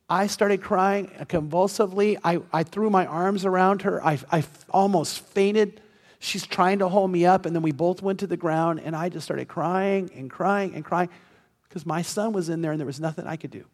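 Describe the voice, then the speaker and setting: A man with a notably high, light voice preaches a sermon, telling a personal story in an earnest way and driving his points home through repetition. His voice rings out with a long, lingering reverb, as in a large church sanctuary. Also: moderate pace. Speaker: pastor.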